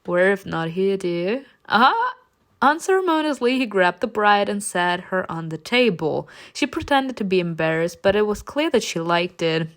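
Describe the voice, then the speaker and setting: A woman's voice: mid-range voice, animated, normal speed, hardly any pauses. A woman reading a romance story game aloud, reacting with laughter and playful swearing between passages. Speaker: game player reading a visual novel aloud.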